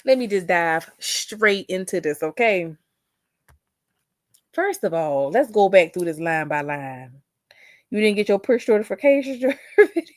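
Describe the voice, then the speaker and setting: A woman's voice: medium pitch, expressive, moderate pace, long pauses, no echo, clean studio sound. A young adult woman hosting a casual livestream, reading chat comments aloud with sassy drawling asides.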